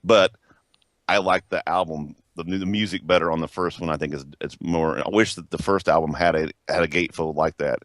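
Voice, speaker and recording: A man's voice: deep voice, fairly even intonation, fairly quick, no room sound, clean studio sound. A man co-hosting a casual rock podcast, rambling with many restarts and self-corrections. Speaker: podcast co-host.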